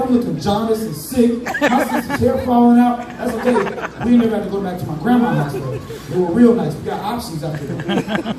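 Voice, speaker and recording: A man performing stand-up on a club stage, telling a story in loose, slangy talk. His voice is unusually high for a man. The camera is far off, so the room echoes heavily and the crowd and noise are clear. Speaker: stand-up comedian. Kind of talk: stand-up comedy set.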